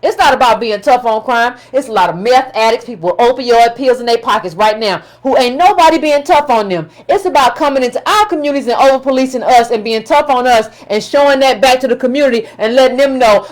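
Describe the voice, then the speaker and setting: A woman's voice: high-pitched, lively intonation, brisk, hardly any pauses. A woman giving impassioned political commentary, emphatic and scolding, with colloquial phrasing and repetition.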